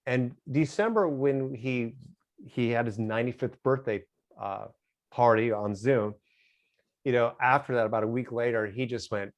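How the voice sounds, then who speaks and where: A middle-aged man speaks as an interview guest, his talk halting and reflective. He keeps a smile in his voice, and his pitch sits right in the middle for a man.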